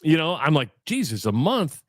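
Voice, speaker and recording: Radio co-host, middle-aged man, slightly high voice, rambling, animated storytelling, dry studio sound. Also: moderate pace, no echo. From Iowa. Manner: rambling, animated storyteller acting out both sides of a chat. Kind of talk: casual storytelling on sports radio.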